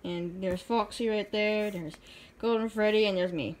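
A young woman with a mid-range voice, speaking at normal speed, shows her own drawings in a casual chat. She rambles, giggles often and is self-deprecating.

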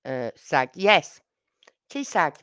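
A Birmingham-accented, middle-aged woman from Birmingham, England, hosts a livestream, rambling casually with fillers and asides. Her low voice swings widely in pitch at a slow pace, sounding clear, resonant and a bit bright.

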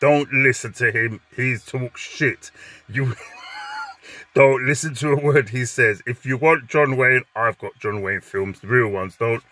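A man voicing his calm, dismissive father, who talks low and matter-of-fact. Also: unhurried.

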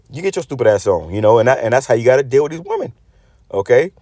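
Man, mid-pitch, preaching rant with heavy swearing, stutters and repeats words as he restarts, dry close sound. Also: very animated, fast, warm tone, no echo. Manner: profane, blunt, repeats words while restarting; reads scripture aloud then comments on it. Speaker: religious channel host.

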